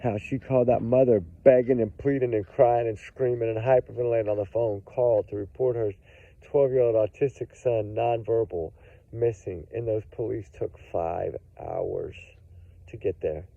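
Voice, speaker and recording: A man's voice: lowish voice, fairly even intonation, moderate pace, vocal fry, no echo. A man giving emphatic, casual true crime commentary to his viewers, repeating his points. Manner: emphatic, repetitive, addresses viewers as y'all. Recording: tinny phone-like audio.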